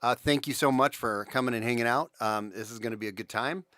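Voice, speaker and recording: A man's voice: mid-range voice, fast, sharp tone, dry recording, studio quality. A man hosting a casual livestream, talking with viewers in a rambling way with many restarts. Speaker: livestream host.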